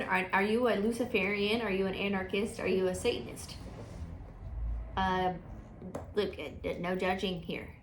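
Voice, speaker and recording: A woman's voice: mid-range voice, slight background noise. A woman giving a casual, chatty tarot reading, thinking aloud with frequent fillers and restarts. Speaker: tarot reader.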